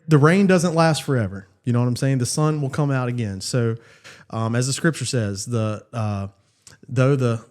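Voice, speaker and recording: A man's voice: mid-range voice, darkish tone. A man, a church youth leader, telling a story casually and animatedly, with frequent fillers and laughter.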